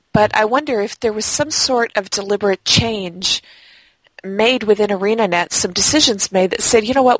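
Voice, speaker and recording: A woman co-hosting a gaming podcast in casual chat, talking in a lively, chatty way. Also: a little high, no room sound, rough recording. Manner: chatty, laughs easily. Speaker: podcast co-host; game blog writer. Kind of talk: casual chat about games.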